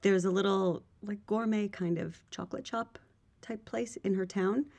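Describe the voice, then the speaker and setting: A woman co-hosting a casual chat podcast, telling stories in an animated, quick way. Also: mid-range voice, vocal fry. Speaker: podcast co-host.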